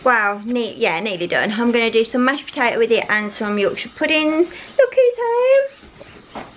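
A woman's voice: fairly high pitch, brisk, a bit bright, highs cut off, slight background noise. A woman, chatting to the camera at home while doing chores. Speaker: vlogger, mother. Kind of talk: casual vlog chat. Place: family home.

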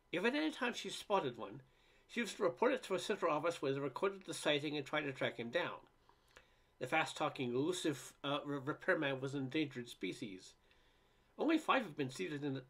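A man's voice: medium pitch, fairly bright tone. Man reading a comic essay aloud. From Canada. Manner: stumbling restarts and fillers while reading. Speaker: reader.

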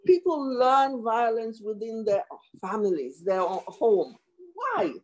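A woman's voice: fairly high pitch, very animated, slow, a little mellow, poor audio. A woman commissioner speaking at a formal hearing over a video call, impassioned and emotional, with many restarts.

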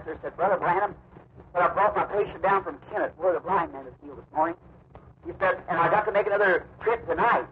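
A man preaching a sermon, telling stories and rising to excited high-pitched bursts. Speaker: evangelist preacher. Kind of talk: sermon, testimony storytelling. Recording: tinny lo-fi old sermon tape with hiss.

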